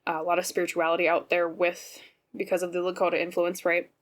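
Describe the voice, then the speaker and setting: A woman's voice: on the low side, monotone, fast. A woman with a Minnesotan accent giving a casual, rambling pick-a-card tarot reading, often checking in with the viewer. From Minnesota, United States. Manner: chatty, rambling, often checks in with "okay?" and "right?". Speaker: tarot reader, channel host.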